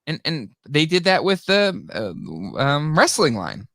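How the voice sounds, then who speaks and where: A man in casual conversation as a podcast co-host, with a bright, forceful voice. His pitch swings widely as he talks, and the sound is dry, with no room around it. He reads out listener comments along the way. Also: a little slow, dry recording. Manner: animated, jumps high in pitch when exasperated. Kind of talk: casual chat.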